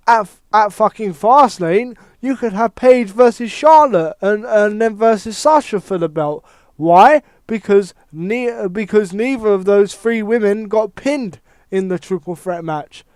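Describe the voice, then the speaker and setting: A man giving a casual, animated wrestling opinion monologue, swearing heavily and thinking aloud with many restarts. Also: high-pitched, smooth, no echo. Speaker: wrestling commentator.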